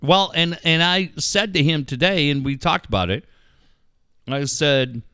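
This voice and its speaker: A man hosting a casual podcast chat, telling stories with lots of swearing and loud acted-out quotes. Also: fairly high pitch, unhurried, clean tone, no room sound, clean studio sound. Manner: animated storyteller, swears a lot, acts out quotes loudly. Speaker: podcast host organizing a charity event.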